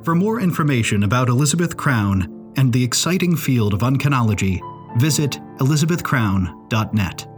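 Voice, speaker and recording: A man narrating a scripted audio story in a measured, dramatic way. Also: mid-range voice, animated, soft background music.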